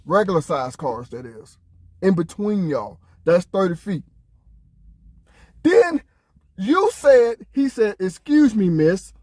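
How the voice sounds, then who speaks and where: A man's voice: high voice, sing-song, slow pace, long pauses, darkish tone, dry recording. A man giving casual reaction commentary, emphatic and incredulous, with lots of rhetorical questions. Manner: casual, conversational.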